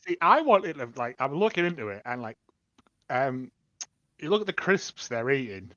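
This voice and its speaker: A man's voice: medium pitch, big pitch swings, normal speed, fairly bright tone, no echo. A man co-hosting a casual podcast, talking hesitantly with many fillers. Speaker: podcast co-host. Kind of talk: casual chat. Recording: dull lo-fi mic.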